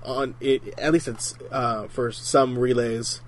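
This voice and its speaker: A man's voice: medium pitch, steady tone, slow, a little hiss or hum. A man hosting a casual podcast chat, reading out listener questions and laughing often. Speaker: podcast host.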